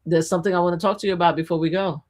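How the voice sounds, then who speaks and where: A woman co-hosting a live news talk stream in casual chat, animated and excitable, often restarting her sentences. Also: lowish voice, very fast, crowd noise. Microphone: streaming setup.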